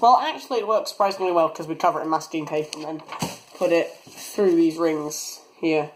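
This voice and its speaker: Chatty young rocketry hobbyist. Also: male voice, high voice, a little hiss or hum, rough recording. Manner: chatty, rambling, talks while working. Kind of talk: casual build tutorial. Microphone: phone camera.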